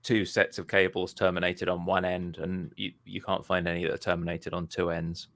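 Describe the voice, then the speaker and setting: Male co-host, low deep voice, deadpan sardonic humor, dry mic. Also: moderate pace, no echo. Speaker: podcast co-host. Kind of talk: casual chat.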